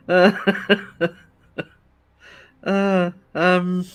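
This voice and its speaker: A man with a high voice streaming live from the gym, chatty and teasing as he greets his viewers one by one. He sounds a bit worn out, laughs easily, and faint music plays behind him. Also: normal speed, pauses often, fairly bright tone. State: low on energy. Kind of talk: casual live-stream chat reading out viewer comments.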